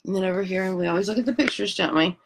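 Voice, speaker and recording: Chatty woman teacher with a creaky voice. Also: medium pitch, racing, slight background noise. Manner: chatty, many ums, talks to kids and parents. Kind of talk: read-aloud lesson for kids.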